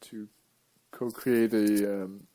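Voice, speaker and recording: A man giving a rambling, jokey live talk to an audience, breaking now and then into loud playful chants. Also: on the low side, little pitch movement, takes it slowly.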